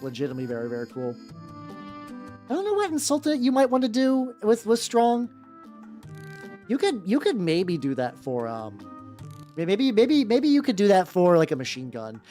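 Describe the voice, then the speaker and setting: Casual streamer man, very lively pitch, rambling, swears, faint music behind. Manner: talks to chat while painting. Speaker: vtuber painting miniatures. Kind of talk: casual livestream chat. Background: faint background music.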